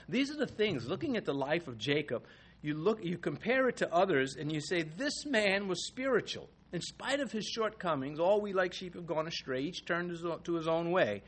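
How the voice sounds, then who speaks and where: Pastor guy preaching, kinda husky, gets loud then drops quiet, animated. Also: fairly high pitch. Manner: animated, swings between soft asides and loud emphasis. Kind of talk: expository sermon.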